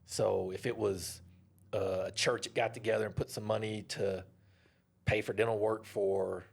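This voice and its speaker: A man, a dentist guest on an interview show, telling a story in a casual, animated way. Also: fairly low pitch, moderate pace, vocal fry, breathy edge. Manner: animated, acts out others' voices.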